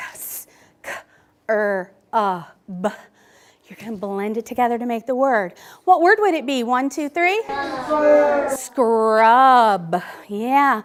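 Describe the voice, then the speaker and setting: Slow-speaking woman teacher, higher voice. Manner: sounds out letters slowly and clearly, coaxing. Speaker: first grade teacher. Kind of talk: classroom teaching and interview commentary. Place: elementary classroom.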